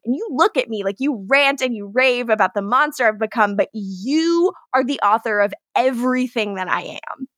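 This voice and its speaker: A woman voicing a furious young male vampire as she recaps a scene, shouting bitter accusations at his mother. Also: on the high side, animated, moderate pace, few pauses, dry recording, studio quality. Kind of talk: acted quote in casual recap.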